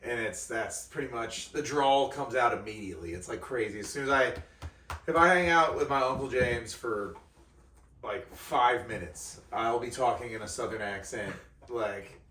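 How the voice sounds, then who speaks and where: A young man chatting casually as a podcast guest, telling animated stories and laughing. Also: mid-range voice, normal speed, distant mic, a little hiss or hum. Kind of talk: casual storytelling chat. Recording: roomy, off-mic sound.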